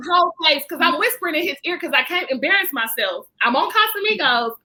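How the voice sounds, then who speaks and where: High bright-voiced woman on a podcast, animated, venting to y'all. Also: fast. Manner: animated, vents to listeners as "y'all". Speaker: podcast guest. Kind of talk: casual chat, storytelling.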